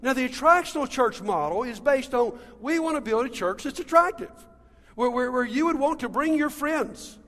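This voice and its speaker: A man's voice: extremely high pitch, animated, moderate pace, pushed and bright. A pastor preaching a sermon to his congregation, talking to them directly and calling them friends and guys. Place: church sanctuary. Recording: long reverb of a large hall.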